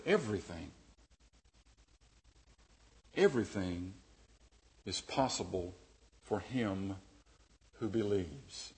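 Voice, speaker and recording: A man preaching a sermon as pastor, dynamic, dropping to a hush and then rising loud and emphatic. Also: on the low side.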